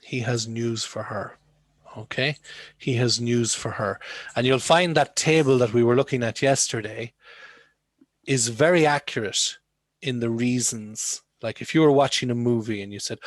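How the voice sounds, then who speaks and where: A man leads an online English class at an ordinary mid pitch. He quizzes his students and repeats the key words to coax answers out of them. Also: normal speed, dry recording. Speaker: English teacher. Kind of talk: classroom teaching over video call.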